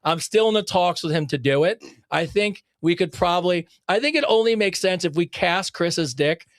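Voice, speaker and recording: A man co-hosting a casual podcast, talking in an excitable, rambling way with plenty of swearing and laughter. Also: high-pitched, normal speed, no echo, clean studio sound. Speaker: podcast co-host.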